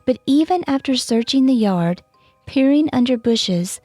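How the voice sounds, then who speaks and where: A woman narrating a children's bedtime storybook in a gentle read-aloud manner, giving the characters light voices. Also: high voice, expressive, a little slow, no room sound, faint music behind. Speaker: storyteller and author.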